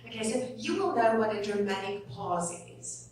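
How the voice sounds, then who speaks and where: Expressive woman preaching in an echoey church hall. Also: medium pitch. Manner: earnest and expressive, with dramatic pauses. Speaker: guest preacher. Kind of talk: sermon. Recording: echoey hall from far off, faint hum.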